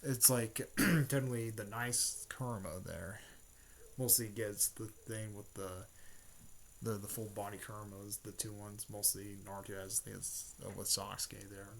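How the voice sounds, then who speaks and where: A man casually retelling a story, rambling with lots of fillers and frequent throat clearing. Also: on the low side, fairly even intonation, a little slow, fairly bright tone, a little hiss or hum.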